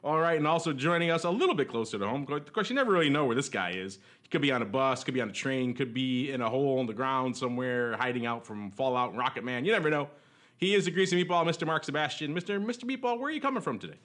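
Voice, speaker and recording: A man's voice: medium pitch, expressive, quick pace, fairly bright tone. Chatty podcast host guy, cracks jokes, rambles on and chuckles a lot. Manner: jokey, rambling, chuckles often. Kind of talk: casual chat.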